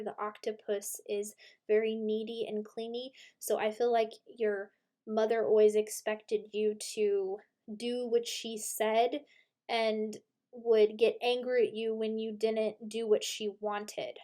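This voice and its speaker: A woman in her thirties giving an intuitive tarot reading in a gentle, reflective way, mixing in stories from her own life. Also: on the high side, level tone, takes it slowly. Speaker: tarot reader.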